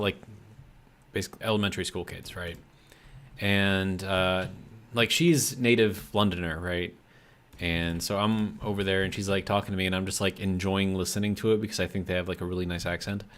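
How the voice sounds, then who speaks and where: A man's voice: deep voice, fairly bright tone, a little hiss or hum. An American man chatting casually on a live stream, rambling with lots of fillers while he reads out chat messages. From United States.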